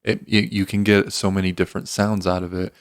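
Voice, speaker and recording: A man, co-hosting a casual podcast, speaking slowly and haltingly. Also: low-pitched, flat delivery, clear, resonant tone, dry recording, studio quality. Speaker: podcast co-host.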